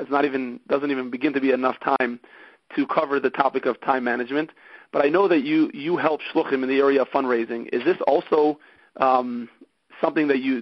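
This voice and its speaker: A man hosting an interview, asking questions in a halting way with frequent restarts. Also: mid-range voice, dry recording, highs cut off. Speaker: interview host. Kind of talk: podcast interview.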